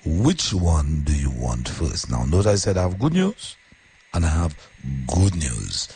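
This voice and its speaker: A man hosting a radio show in casual chat, playful and teasing, with a very deep bass voice. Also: very animated, measured pace, warm tone, husky. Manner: playful, teasing, jumps between deep bass and high tones. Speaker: radio host.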